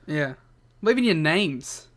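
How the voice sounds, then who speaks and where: A man co-hosting a podcast in casual chat, playful and quick to laugh and joke. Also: a little high, very animated, fairly bright tone. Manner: playful, laughs often, jokes about doing accents. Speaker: podcast co-host.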